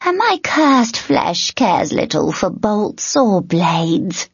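A woman reading an audiobook, voicing a cold, sneering female troll with a gravelly, husky, drawn-out voice. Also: mid-range voice, very animated, no echo, voice pushed up, exaggerated voice. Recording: dull lo-fi.

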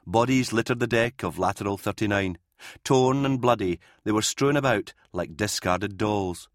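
Low, dry male audiobook narrator. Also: no room sound. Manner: measured, grave storytelling. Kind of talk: scripted narration.

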